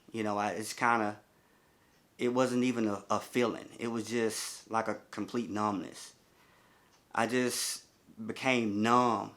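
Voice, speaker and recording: A middle-aged man, a bereaved father, recounting his story in a halting, repetitive way with many fillers. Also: lowish voice, a bit bright. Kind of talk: personal testimony.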